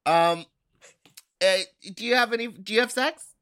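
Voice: medium pitch, moderate pace, fairly bright tone, smooth. A podcast co-host introducing a segment in a playful, teasing way. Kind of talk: casual chat.

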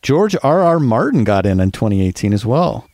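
A man's voice: medium pitch, sing-song, normal speed, a little mellow, no echo, clean studio sound. A man co-hosting a casual podcast chat, reading out facts and asking curious questions.

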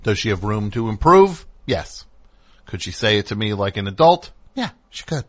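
A man's voice: on the low side, big pitch swings, moderate pace. A man hosting a comedic call-in radio show, ranting in a rambling, indignant way.

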